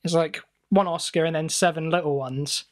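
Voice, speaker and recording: A man's voice: fairly high pitch, fairly even intonation, moderate pace. A young man from southwest England co-hosting a comedy podcast, spinning absurd stories in a faux-earnest tone. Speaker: podcast co-host. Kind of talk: improvised comedy podcast banter.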